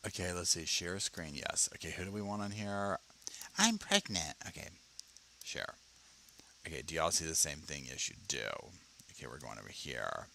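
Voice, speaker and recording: A man hosting a casual commentary channel, talking and reading an article aloud in a chatty, animated way, often stammering and restarting. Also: a bass voice, moderate pace, creaky, a little hiss or hum. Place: home, at his computer.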